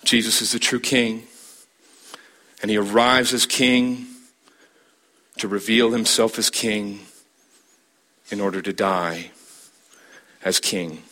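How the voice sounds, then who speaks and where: A man preaching a sermon as a pastor, building emphasis with dramatic pauses and repeated phrases. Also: lowish voice, steady tone, bright, forceful tone.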